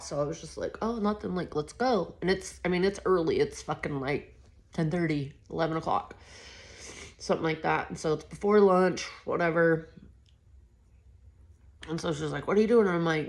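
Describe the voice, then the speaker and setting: A woman telling a personal story from her own life in a casual, candid way, blunt and conversational. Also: low voice. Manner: blunt and conversational, with frequent swearing and fillers. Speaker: memoir author recounting her life.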